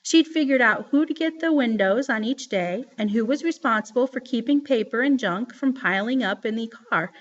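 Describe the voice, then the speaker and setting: A woman reading a novel aloud in a lively storytelling manner. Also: on the high side, normal speed, hardly any pauses. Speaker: reader. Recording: dull lo-fi recording.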